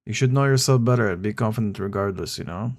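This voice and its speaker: A young man streaming chats casually, reacting to his chat with blunt, slangy disbelief. His voice is fairly low, and he talks quickly.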